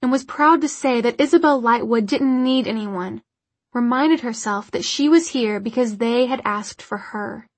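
A woman reading a novel aloud as an audiobook narrator, with quiet restraint and light character voices. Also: fairly high pitch, moderate pace, dry recording. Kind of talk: scripted narration.

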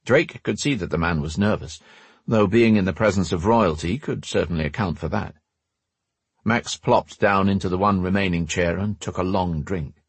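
A man narrating a fantasy audiobook in a steady, expressive storytelling manner. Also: low-pitched, normal speed, slightly rough, no echo.

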